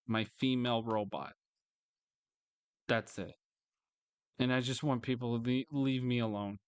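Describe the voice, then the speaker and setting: Man, angry vlog rant, lots of swearing, repetitive, clear smooth voice, dry close sound. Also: dry recording. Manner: bursts into higher mocking voices. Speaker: vlogger. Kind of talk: angry ranting monologue.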